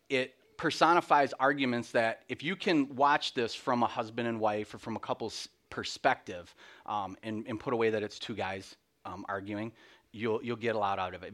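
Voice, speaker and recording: A man's voice: mid-range voice, fairly bright tone. Candid man giving a church testimony. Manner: candid, self-deprecating, full of restarts and laughs. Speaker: lay speaker. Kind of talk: personal testimony sermon.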